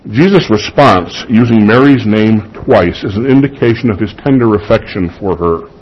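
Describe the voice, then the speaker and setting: A pastor delivers a sermon in a church, his husky voice climbing to emphatic peaks on key words. He keeps turning to the congregation with questions. The recording is muffled and lo-fi. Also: fairly low pitch, normal speed. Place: church sanctuary.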